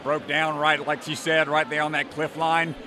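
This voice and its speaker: A man giving energetic live sports commentary and interviewing an athlete. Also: on the high side, moderate pace, background noise. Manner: energetic, hype.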